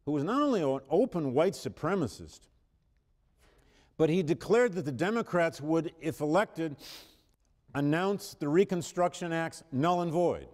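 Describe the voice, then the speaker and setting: In a big lecture hall with plenty of reverb, a professor teaches university history in a highish, expressive voice with a darkish tone and measured pace. He's emphatic, fixes his own wording midstream, swells in volume on quoted passages, and coughs occasionally.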